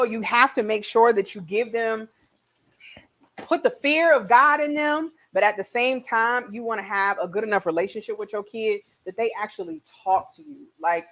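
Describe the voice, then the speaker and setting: A woman's voice: mid-range voice, a bit bright. A woman hosting a casual cooking show, bubbly and exclamatory, chatting straight to her viewers as she cooks.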